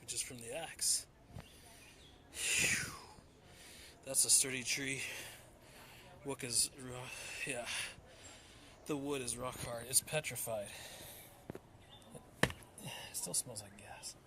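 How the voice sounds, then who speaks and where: A man streaming from a wooded backyard, chatting in a loose, joking, foul-mouthed way. His voice sits at an ordinary middle pitch. Loud outdoor noise runs under everything he says. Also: steady tone, slow pace, long pauses. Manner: rough-spoken and joking, with frequent swearing. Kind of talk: casual outdoor livestream chat.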